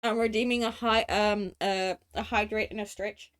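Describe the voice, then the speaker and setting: A woman streams live from home, eating while she chats casually with her viewers, close to a desk mic. Her voice is medium-pitched and steady, with a moderate pace, and she laughs a lot and swears occasionally.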